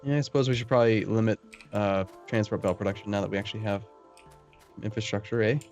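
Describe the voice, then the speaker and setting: A man chatting while playing a multiplayer game, animated and mock-indignant as he bickers with friends. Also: lowish voice, fast, soft background music. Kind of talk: casual multiplayer gaming chat.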